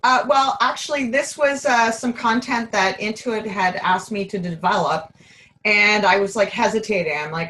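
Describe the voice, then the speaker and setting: A woman talks as an interview guest, upbeat and chatty. Her voice is a little hoarse and worn, and her pitch sits at an ordinary middle level. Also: normal speed, sharp tone, low-quality recording. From Canada. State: slightly hoarse. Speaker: guest presenter, bookkeeper. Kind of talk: casual interview.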